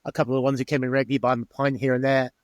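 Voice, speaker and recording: This former bar owner, a middle-aged man from England, recounts stories in an interview in a chatty way, performing the conversations he quotes. His delivery is flat and rapid-fire at medium pitch, with no room sound.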